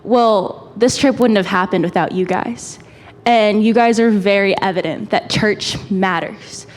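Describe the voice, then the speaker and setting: A woman giving a grateful, earnest testimony to her church about a mission trip. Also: medium pitch. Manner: grateful, earnest, slightly rambling. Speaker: youth mission trip member. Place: church sanctuary. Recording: long church reverb.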